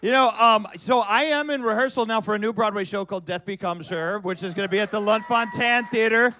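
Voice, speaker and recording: A middle-aged man telling a comic story on a cabaret stage, animated and building to loud shouts. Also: high voice, brisk, a little hiss or hum. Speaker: guest performer.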